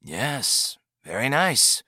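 A man voicing a calm, pleasant old male community leader who speaks softly and drily in a story reading. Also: medium pitch, drawn-out words, slightly rough, no room sound, studio quality, voice pushed up, full character voice. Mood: dry.

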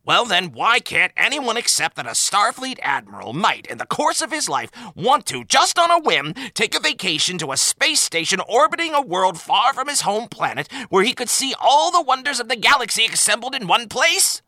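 A man voicing an exasperated male admiral who rants in a rising, high-pitched voice. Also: moderate pace, vocal fry, few pauses, pushed and bright, dry recording, full character voice. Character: exasperated male admiral ranting about vacation.

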